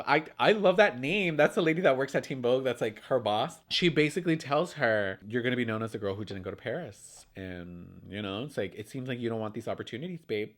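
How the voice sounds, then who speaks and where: A young man chatting casually and gossiping while doing his makeup, with lots of "like" and loose swearing. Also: medium pitch. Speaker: beauty vlogger.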